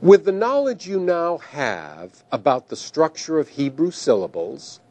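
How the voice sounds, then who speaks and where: A male teacher lecturing in a slow, unhurried way, his pitch rising and falling a lot as he stresses each term. He sounds careful and methodical, walking students through a recorded grammar lesson. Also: very animated, a little mellow. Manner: slow and deliberate, careful pronunciation of terms.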